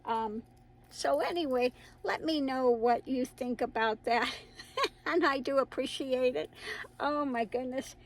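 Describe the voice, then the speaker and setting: Her voice sits high and moves a little slowly, captured on a low-quality recording. The middle-aged woman hosts her own channel as a tarot reader, talking to viewers in a loose, rambling way with frequent laughter.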